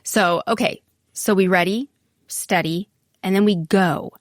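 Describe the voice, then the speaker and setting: A woman co-hosting a marriage podcast, calmly explaining and steering the conversation. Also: medium pitch, unhurried, no room sound, clean studio sound. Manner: steady, explanatory, steers the talk. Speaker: podcast co-host. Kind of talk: casual chat.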